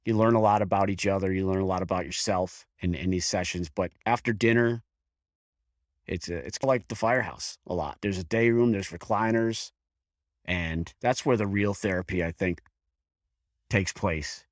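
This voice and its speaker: A man in his fifties from the Buffalo area, talking frankly about his own experience as a firefighter. His voice sits very low, and he speaks haltingly, often restarting a sentence. The sound is dry and close, with no room echo. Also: steady tone. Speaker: guest, career firefighter. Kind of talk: candid personal storytelling in an interview.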